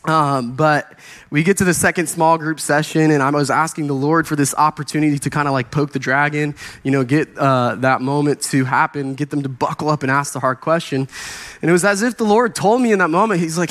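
A young adult man preaching as a youth pastor, telling a funny story with animated, acted-out dialogue. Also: fairly high pitch, fairly quick. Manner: animated, acts out voices in his stories, laughs while telling. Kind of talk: storytelling sermon.

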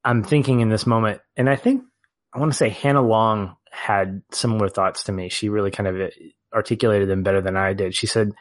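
A man co-hosting a podcast, talking through a film in casual discussion, animated at times and laughing as he reflects. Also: lowish voice, a little fast, dry recording. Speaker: podcast co-host.

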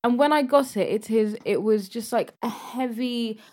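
Young woman chatting on a fashion podcast, emphatic and quick to jump in. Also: on the high side, warm tone. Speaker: podcast co-host. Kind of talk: casual chat.

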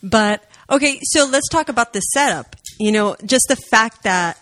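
Woman, fairly high voice, casual podcast chat, animated, opinionated. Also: normal speed. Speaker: podcast guest.

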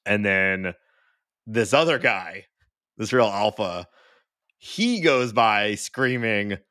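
Low-voiced man on a dry podcast mic. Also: expressive, sharp tone, no echo. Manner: rambling, self-interrupting, quick to laugh. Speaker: podcast co-host. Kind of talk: casual chat.

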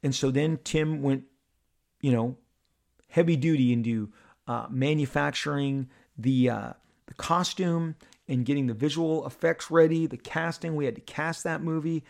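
A middle-aged man hosting a podcast, telling a personal story in an animated, halting way with many repeated words. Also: a little high, creaky. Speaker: podcast host.

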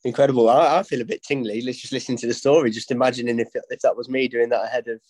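A man hosting a casual chat, speaking quickly with eager interjections. His voice sits in a middle range. The recording is dry and close. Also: medium pitch, fairly even intonation, a little mellow, no room sound. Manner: enthusiastic, quick reactions. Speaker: host.

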